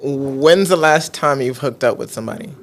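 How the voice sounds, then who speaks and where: A man hosts a casual podcast, talking in an easygoing, chatty way. He breaks into laughter often while he explains a party game to his guests. His pitch sits in a middle range for a man. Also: moderate pace. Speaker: podcast host. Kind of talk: casual chat.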